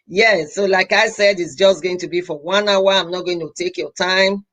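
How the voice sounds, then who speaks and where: A woman's voice: fairly low pitch, fairly even intonation, moderate pace, fairly bright tone. A young adult woman from Edo State in Nigeria, with a Nigerian accent, hosting a casual live stream as a healthcare professional. She talks earnestly and pleads, repeating her words and slipping into Pidgin.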